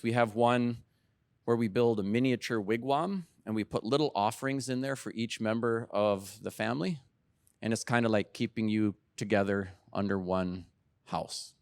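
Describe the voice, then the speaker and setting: A middle-aged man giving a keynote talk, telling lively family anecdotes and acting out what people said. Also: mid-range voice, dry recording, studio quality. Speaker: keynote speaker. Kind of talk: storytelling talk.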